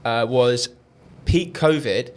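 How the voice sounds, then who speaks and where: A man's voice: mid-range voice, takes it slowly. A young man, rambling through travel stories in casual podcast chat and swearing freely. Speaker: podcast co-host.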